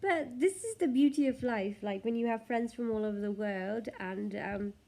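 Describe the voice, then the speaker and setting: A woman's voice: a little high, moderate pace, mellow. A woman vlogger talking casually to the camera in a chatty, rambling way.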